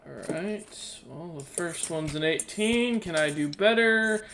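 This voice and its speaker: A man's voice: fairly high pitch, expressive, a little slow, creaky, fairly bright tone, a little hiss or hum. A man playing a tabletop game, talking casually with lots of fillers. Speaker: player.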